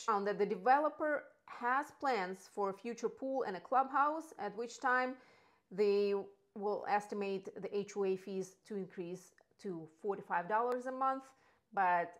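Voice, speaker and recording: A woman, not a native English speaker, talking as a real estate agent in a casual, enthusiastic video about local neighborhoods, with asides and restarts. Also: medium pitch.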